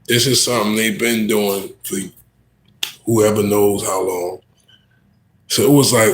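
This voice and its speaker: A man rapper telling a story on a casual livestream, animated and slangy, often turning to the listener. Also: fairly low pitch, measured pace, pauses often. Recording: echoey room.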